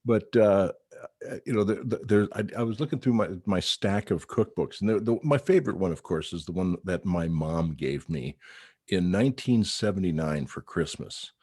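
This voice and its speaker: A man's voice: low voice, expressive, normal speed, darkish tone, no echo, studio quality. A man in his sixties hosting a casual radio chat, rambling with many fillers and restarts. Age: 60s. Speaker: radio show host.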